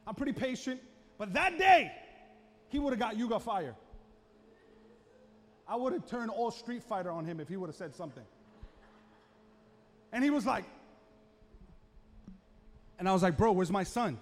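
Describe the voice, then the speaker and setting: A man's voice: high-pitched, normal speed, long pauses. A male pastor preaching a dramatic storytelling sermon in a church. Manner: dramatic, animated storyteller who builds to shouting. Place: church sanctuary. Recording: echoey church hall with long reverb.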